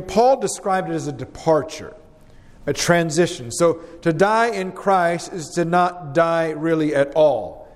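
A man preaching an earnest, measured sermon and reading scripture aloud. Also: on the high side, big-room sound.

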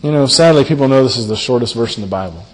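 A man preaching a sermon, earnest and repetitive, who slows down and drops his voice softly for emphasis. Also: mid-range voice, animated, big-room sound. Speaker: pastor. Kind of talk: sermon on a Bible passage.

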